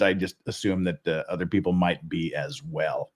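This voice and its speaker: A man's voice: sits low, fairly even intonation, normal speed. A man hosting a livestream in casual chat, rambling and joking at his own expense. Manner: self-mocking, rambling, joking. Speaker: host.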